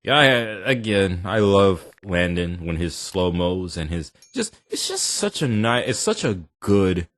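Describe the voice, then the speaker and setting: Lively joking man reacting to clips. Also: low-pitched, a little slow, few pauses. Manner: animated, joking, slangy banter. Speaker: reaction video host. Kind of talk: casual reaction commentary.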